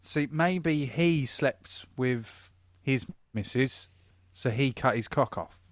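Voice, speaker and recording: A man's voice: mid-range voice, slow pace. A man with an ordinary mid-range voice trades blunt, crude banter in casual chat. He throws in sarcastic jabs and pushy questions. The sound is dry and close, with no room echo. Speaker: podcast co-host.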